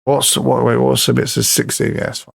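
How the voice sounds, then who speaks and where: A man commentating his own football management game, excitable and pleading at the screen, swearing now and then. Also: medium pitch, brisk, gravelly, slightly rough. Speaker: gaming YouTuber.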